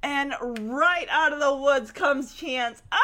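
A woman's voice: high-pitched, heavy background noise. A woman hosting a casual, emotional film recap, acting out the characters and laughing often. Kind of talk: casual chat.

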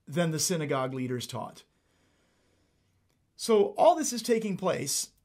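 Male preacher, high voice, emphatic sermon teaching. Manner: emphatic, animated, repeats for emphasis.

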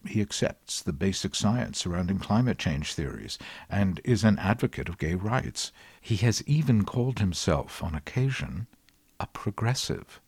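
A man in his sixties, from the United States, hosting his podcast with dry, wry, measured commentary. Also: low-pitched, expressive, darkish tone, breathy edge, no room sound. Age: 60s. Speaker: podcast host. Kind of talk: scripted commentary.

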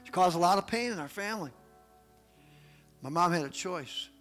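A male pastor preaching a sermon, telling family stories in an animated way and acting out the people in them. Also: high voice, normal speed, soft background music. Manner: animated storytelling, acts out quotes.

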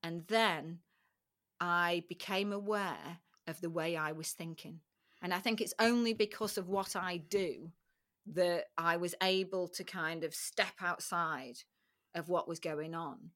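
A middle-aged woman talks candidly as an interview guest. Her voice is bright and carries force, even in hard passages. She tells her story plainly and emotionally, with repeated phrases. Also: lowish voice, a little slow. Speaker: podcast guest.

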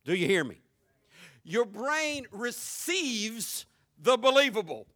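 A middle-aged male pastor preaching a sermon, calling out to his congregation and telling stories, rising to animated shouts. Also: very high voice, takes it slowly. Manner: preaching with audience call-outs and storytelling.

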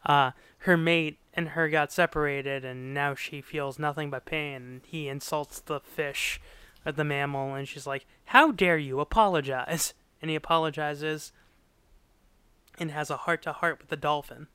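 A man's voice: on the high side, normal speed, clear, resonant tone, no room sound. A man co-hosting a casual podcast, retelling a sitcom episode with acted-out quotes and frequent laughs. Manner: animated storyteller, acts out quotes, laughs often. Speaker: podcast co-host recapping a sitcom. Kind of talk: casual chat.

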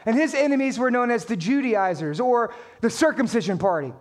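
A man's voice: very high-pitched, lively intonation, a little fast. A man preaching a sermon as a pastor, talking straight to his congregation with emphatic points and playful jokes.

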